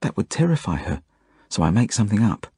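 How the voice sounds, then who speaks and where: A man's voice: on the low side, big pitch swings, fast talker, dark tone, slightly rough. A man with an Australian accent, an author reading his own novel as first-person audiobook narration in a plain, earnest way.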